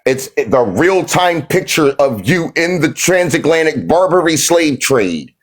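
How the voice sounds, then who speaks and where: A man's voice: fairly high pitch, big pitch swings, unhurried. A man hosting a live stream, arguing in a confrontational, mocking way and repeating his phrases. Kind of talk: heated live-stream argument.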